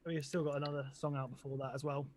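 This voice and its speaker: A man's voice: a little high, fast talker, a little hiss or hum. A man with an English accent, a band's singer and producer, chatting loosely in an interview with lots of ums and likes. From England. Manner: relaxed, rambling, many ums and likes. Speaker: band vocalist and producer. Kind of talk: casual interview chat.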